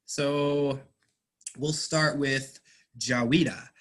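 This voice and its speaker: A man teaching English, explaining slowly and patiently, stressing words. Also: mid-range voice, steady tone, fairly bright tone. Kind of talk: online class teaching.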